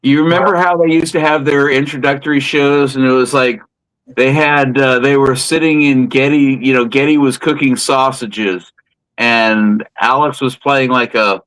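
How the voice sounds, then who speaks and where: A man's voice: mid-range voice, fairly even intonation, moderate pace, fairly bright tone, no echo, poor audio. Rambling man on a video call. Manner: rambling, hesitant storyteller. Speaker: podcast participant. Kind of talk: casual chat.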